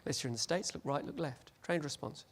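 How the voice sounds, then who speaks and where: A man giving a lively, joking conference presentation and acting out little scenes. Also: on the high side, quick pace. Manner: animated, jokey, acts out scenes. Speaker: conference speaker.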